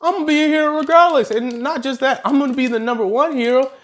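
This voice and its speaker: A man's voice: very high-pitched, fast talker, voice pushed up. A man doing a brash cocky young hero. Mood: defiant. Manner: slangy trash talk.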